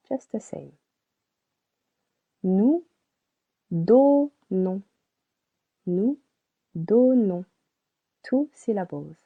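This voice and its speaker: Slow, husky woman teaching French verbs. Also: mid-range voice. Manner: slow, deliberate, spells out letters and models each word twice. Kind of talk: beginner language lesson. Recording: tinny phone-like sound.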